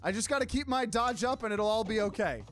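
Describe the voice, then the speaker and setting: Animated, excitable let's-play commentator. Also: medium pitch, fast talker, soft background music. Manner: excitable, repeats panicked exclamations, swears. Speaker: gamer playing and commenting.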